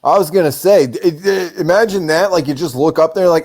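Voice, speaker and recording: A man hosts a casual political livestream, reading out vote numbers and reacting with animated, profane comments. His voice sits a little high for a man. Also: brisk. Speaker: livestream host.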